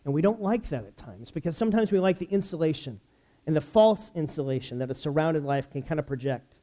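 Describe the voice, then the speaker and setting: A man from the United States preaching a sermon as a pastor, telling stories with animated energy that climbs loud when excited. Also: fairly high pitch, fairly quick.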